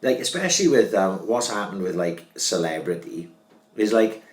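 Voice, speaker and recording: A man's voice: deep voice, big pitch swings, moderate pace. A man, co-hosting a casual chat, blunt and full of swearing. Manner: blunt, heavy swearing, keeps asking "you know what I mean". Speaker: podcast co-host. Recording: roomy echo.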